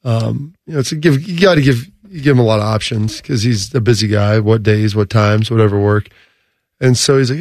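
A man's voice: on the low side, brisk, no room sound, studio quality. A man in his thirties co-hosting a sports radio show, telling a story in casual chat and acting out the quotes. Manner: animated storyteller, acts out quotes. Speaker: radio co-host. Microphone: studio microphone.

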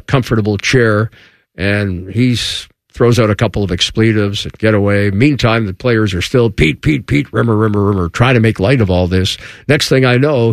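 Man, storyteller, dry close sound, animated quoted voices. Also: dry recording. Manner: acts out quotes with raised pitch. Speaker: former baseball broadcaster telling a story.

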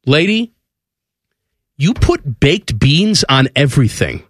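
A man's voice: fairly high pitch, big pitch swings, slow, no echo, studio quality. A man co-hosting a sports radio show, reading aloud and joking in casual banter with a sarcastic edge. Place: radio studio.

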